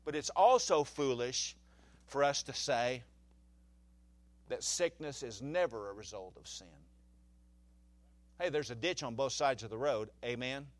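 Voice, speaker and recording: A pastor preaching a folksy sermon in church, with humorous asides and questions to the congregation. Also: male voice, medium pitch, a little slow, pauses often, dry recording.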